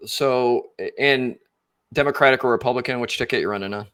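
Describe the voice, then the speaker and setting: A man's voice: medium pitch, a little fast, a bit bright, clean tone, no echo. A man, hosting a casual podcast interview and thinking aloud with loose, rambling phrasing. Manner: rambling, many fillers and restarts. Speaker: podcast host.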